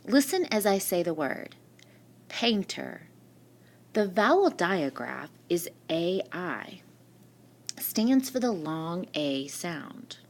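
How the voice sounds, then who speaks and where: Speaking at a fairly low pitch that swings widely, this woman teaches a recorded spelling lesson. Her pace is slow and patient as she poses questions and supplies the answers herself, captured on a screen-recording mic.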